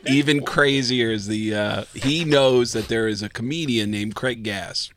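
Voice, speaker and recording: A man's voice: medium pitch, a little slow. A man, a guest stand-up comedian and impressionist, telling stories in a casual chat and slipping into impressions. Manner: animated storyteller who slips into impressions.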